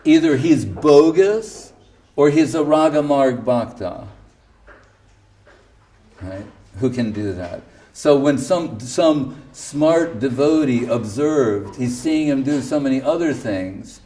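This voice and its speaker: A man's voice: medium pitch, lively intonation, slow, mellow, far from the mic. Man telling stories in a spiritual talk. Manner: conversational, with frequent rhetorical questions; acts out quoted speech. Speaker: spiritual teacher. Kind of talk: storytelling lecture.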